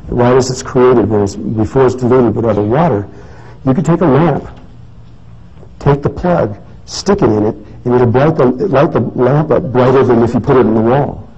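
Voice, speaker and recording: Mellow-voiced man telling a rambling story. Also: medium pitch, breathy edge. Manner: rambling, many restarts and fillers. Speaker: speaker giving a talk. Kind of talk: casual storytelling talk. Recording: dull lo-fi recording with faint noise.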